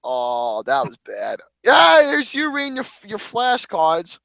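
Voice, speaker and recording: A man co-hosting a casual chat, teasing his friend over photos with loud laughs and crude jokes. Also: high-pitched, wildly swooping pitch, takes it slowly, vocal fry, dry recording. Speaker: podcast co-host. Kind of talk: casual banter reacting to photos.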